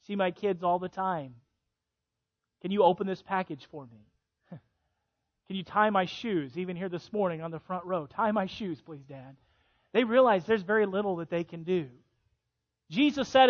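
A male pastor preaching a sermon in a church, swelling on key points and dropping soft and low at others. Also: highs cut off. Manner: preaching with rising emphasis and soft drops. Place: church sanctuary.

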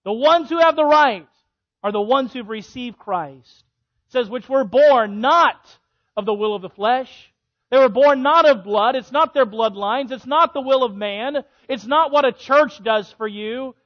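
A male pastor preaching a sermon in a church, swelling on key points and dropping soft and low at others. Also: unhurried, lo-fi sound. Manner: preaching with rising emphasis and soft drops. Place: church sanctuary.

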